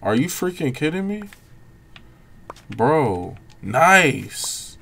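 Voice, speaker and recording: A young man giving relaxed, reactive commentary over his own gameplay, breaking into quick exclamations. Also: medium pitch, creaky. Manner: laid-back, reactive, frequent exclamations. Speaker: gaming channel host. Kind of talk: let's-play gameplay commentary.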